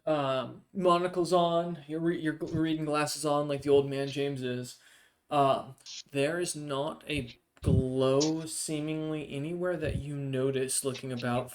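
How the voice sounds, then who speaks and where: A man's voice: on the high side, a little hiss or hum. A man narrating as game master of a tabletop game, hesitant and full of ums and uhs.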